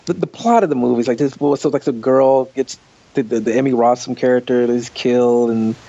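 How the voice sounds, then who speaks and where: A young man co-hosting a podcast, tossing in quick quips and interjections during casual chat. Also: mid-range voice, steady tone, dark tone, no echo. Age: young adult. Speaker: podcast co-host. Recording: dull, lo-fi sound.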